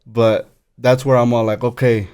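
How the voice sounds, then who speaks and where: A man's voice: medium pitch, moderate pace, darkish tone. A male boxer talking casually on a podcast, telling rambling stories about sparring. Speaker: guest boxer.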